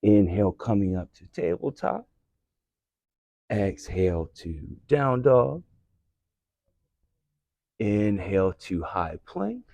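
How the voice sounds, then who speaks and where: Mellow, low-voiced man guiding yoga breaths. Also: takes it slowly, gravelly, long pauses, dry recording. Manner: calm breath cues with gentle encouragement. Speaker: yoga instructor. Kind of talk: guided yoga cueing.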